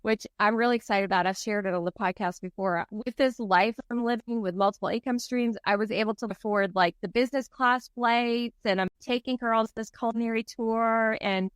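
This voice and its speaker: A woman hosting a podcast in casual chat, excitable and talkative, laughing often. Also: a little high, fairly quick, few pauses, smooth, no echo. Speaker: podcast host.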